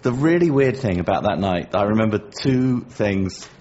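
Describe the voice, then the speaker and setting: English man, low husky voice, casual podcast chat, dull lo-fi sound. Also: normal speed. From England. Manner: animated storytelling, self-mocking. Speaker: podcast co-host.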